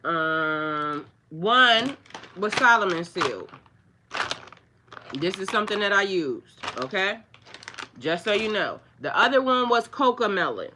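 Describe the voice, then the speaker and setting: A woman's voice: medium pitch, lively intonation, takes it slowly, background noise. A woman hosting a spiritual livestream, rambling in a casual, chatty way with many fillers, talking straight to her viewers and mocking the trolls. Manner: mocking and scornful toward trolls.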